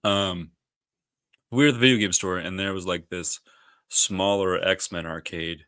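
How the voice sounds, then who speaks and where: Deep-voiced man chatting about games. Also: fairly even intonation, a little slow, sharp tone, clear, resonant tone, no room sound. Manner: rambling, restarts, many likes. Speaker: podcast co-host. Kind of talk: casual chat. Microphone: live stream mic.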